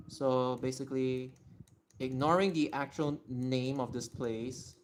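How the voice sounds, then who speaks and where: A man hosting a casual livestream, thinking aloud and sounding out words slowly, poking fun at his own attempts. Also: mid-range voice, steady tone, a little hiss or hum. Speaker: livestream host.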